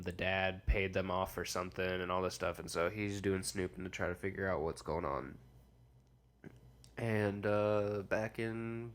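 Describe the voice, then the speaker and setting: A man's voice: low voice, fairly bright tone. A young man hosting a podcast, casually recapping a movie plot in a rambling, slangy way with lots of fillers and offhand quoted lines. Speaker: podcast host.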